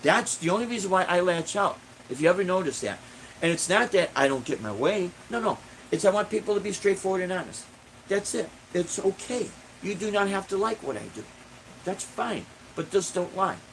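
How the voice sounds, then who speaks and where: A man's voice: sits high, expressive, fairly quick, a bit bright, slight background noise, low-quality recording. Blunt, indignant middle-aged man ranting. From Illinois. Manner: blunt, indignant, repeats himself for emphasis. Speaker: busking musician, vlogger. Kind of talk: casual ranting monologue.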